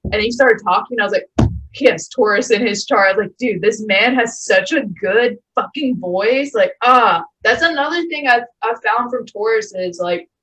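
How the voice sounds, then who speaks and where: A young woman in her twenties hosting a podcast in casual chat, animated and quick to get excited, swearing casually. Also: a little high, low-quality recording. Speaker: podcast host.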